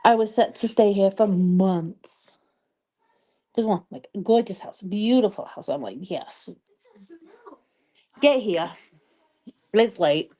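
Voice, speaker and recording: On a live stream, a woman who works as a social media strategist and vlogger does her makeup while casually telling a story, sounding chatty and exasperated with lots of emphatic repetition. Her voice is mid-range and dark, her pace measured, with long pauses.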